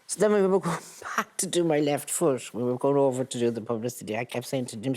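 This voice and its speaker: A woman's voice: rumbling low, fast, darkish tone. An older Irish woman, a guest in a casual chat, telling stories with dry wit and laughter. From Ireland.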